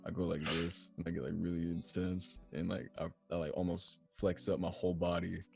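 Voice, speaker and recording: Podcast host: young American male, very low pitch, animated, laughs a lot. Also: fairly quick, vocal fry, faint music behind. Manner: laughs often, animated, playful mock voices. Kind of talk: casual chat.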